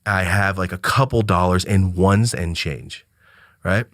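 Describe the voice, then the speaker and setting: A man in his thirties from Oregon, telling a profane, animated story as a podcast guest. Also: low voice, measured pace, dry recording, studio quality. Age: 30s. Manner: animated, profane, breaks into loud excited outbursts.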